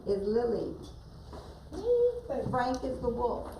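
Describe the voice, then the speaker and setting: A woman's voice: fairly high pitch, steady tone, takes it slowly. A woman teacher narrating a story for her pupils to act out and giving them directions as she goes. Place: classroom. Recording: distant, echoey classroom with background noise.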